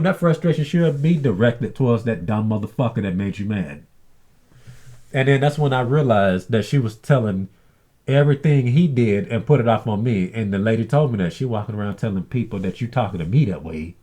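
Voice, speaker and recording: A man's voice: mid-range voice, animated, moderate pace, mellow. A man telling a story in a blunt, aggrieved casual rant, swearing often and acting out what others said. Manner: acts out others' lines in mimicked voices. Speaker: vlogger. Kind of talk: casual ranting monologue.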